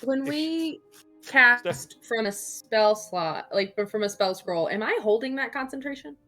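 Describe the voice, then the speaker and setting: A woman's voice: a little high, expressive, measured pace, sharp tone, soft background music. A woman playing a tabletop role-playing game, chatting casually and a little hesitantly, often asking questions. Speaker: player.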